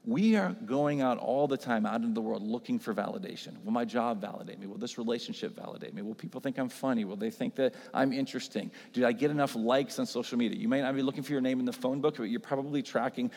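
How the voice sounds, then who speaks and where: A man's voice: mid-range voice, fast, creaky, few pauses, darkish tone. A man, a pastor, preaching a sermon in a conversational way, often checking in with the congregation. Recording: echoey hall reverb.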